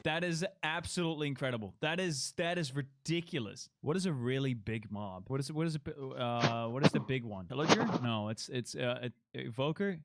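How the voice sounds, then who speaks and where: A man giving excitable gameplay commentary, exclaiming and laughing often. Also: medium pitch, fairly quick, few pauses, noisy background. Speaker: gaming video creator. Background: background music.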